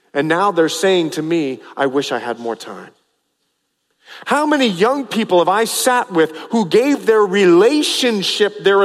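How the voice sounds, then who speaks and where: A man's voice: sits high, in a large hall. A man preaching a sermon as pastor, emphatic and repetitive, stressing phrases over and over.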